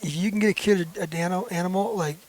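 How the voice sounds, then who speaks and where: A man's voice: high voice, fast, a little mellow, poor audio. A man hosting a podcast, laid-back and enthusiastic, talking in slangy, casual chat. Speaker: podcast host.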